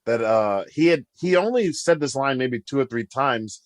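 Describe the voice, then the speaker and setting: A man guest on a podcast, telling a story in a casual, animated way, acting out quotes and laughing as he goes. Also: medium pitch, moderate pace, dry recording.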